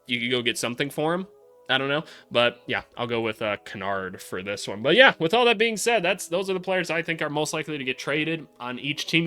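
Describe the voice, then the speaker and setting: Bright-voiced man riffing on basketball. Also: mid-range voice. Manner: loose, rambling, profane and joking. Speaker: basketball channel host, former college coach. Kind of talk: casual basketball commentary vlog.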